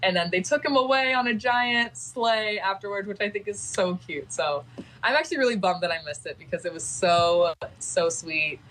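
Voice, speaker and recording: A woman's voice: mid-range voice, normal speed, a bit bright, rough recording. A woman chatting casually on a livestream, talking in a gushing, sentimental way.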